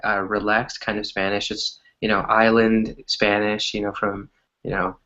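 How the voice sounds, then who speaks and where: A man tutoring English in a relaxed, chatty conversation, explaining with lots of examples. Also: lowish voice, normal speed, muffled recording. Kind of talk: casual conversation lesson.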